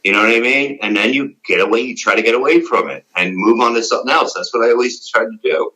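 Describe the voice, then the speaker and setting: A man's voice: medium pitch, fast, sharp tone, poor audio. A middle-aged man being interviewed, telling blunt, profane, rambling stories about his radio days. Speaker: interview guest, former radio show staff. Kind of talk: casual interview.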